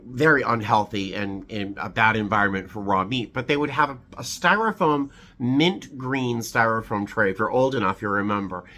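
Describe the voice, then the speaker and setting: A vlogger with a lowish, sharp voice gets teary on his video channel as he opens holiday cards and shares memories. He speaks at a moderate pace with hardly any pauses, and his sentimental, casual chat is full of fillers and restarts.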